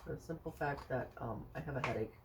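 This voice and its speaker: A woman's voice: extremely low pitch, quick pace, very noisy. A woman doing a casual tarot reading for viewers, thinking aloud with many fillers and rhetorical questions in a chatty, reassuring way. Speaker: tarot card reader.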